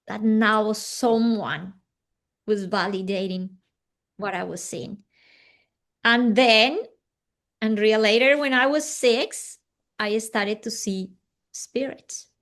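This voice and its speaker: Slow, earnest woman telling her story. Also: mid-range voice, fairly bright tone. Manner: earnest, acting out quoted dialogue. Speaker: interview guest. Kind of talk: personal storytelling in an interview.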